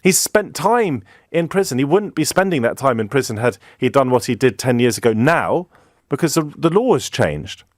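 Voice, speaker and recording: A man's voice: mid-range voice, very animated, normal speed, no echo, studio quality. An indignant middle-aged British man with a British accent, delivering an impassioned radio monologue as host of a phone-in show. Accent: British English. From Britain. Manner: indignant, rhetorical, emphatic.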